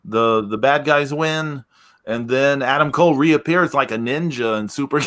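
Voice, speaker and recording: A man's voice: mid-range voice, a little slow, a bit bright. A man co-hosting a casual podcast, recapping events with lots of hesitant fillers. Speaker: podcast co-host.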